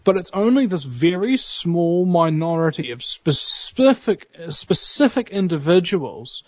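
A man from New Zealand with a New Zealand accent, chatting casually as a guest in an animated, slangy way. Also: sits high, unhurried, no echo, muffled recording. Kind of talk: casual chat.

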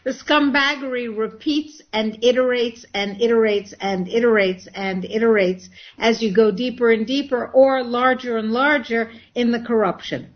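Woman host, effusive, elaborate wording, fairly high voice, dull lo-fi audio. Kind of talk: casual chat.

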